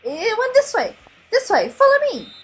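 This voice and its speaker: A woman voicing a bubbly, forgetful female blue tang fish who talks in a chirpy, rushed way in a storybook reading. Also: very high voice, huge pitch swings, voice pushed up, heavily acted.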